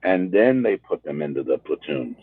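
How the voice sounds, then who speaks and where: A man's voice: rumbling low, sing-song, moderate pace. A man co-hosting a casual game livestream, rambling and restarting his sentences as he makes his point. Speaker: livestream co-host. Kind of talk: casual chat. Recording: tinny phone-like line.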